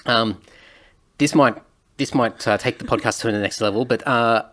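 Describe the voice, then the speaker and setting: A man hosting a casual podcast interview, chatting in a relaxed, agreeable way. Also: mid-range voice, normal speed. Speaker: podcast host.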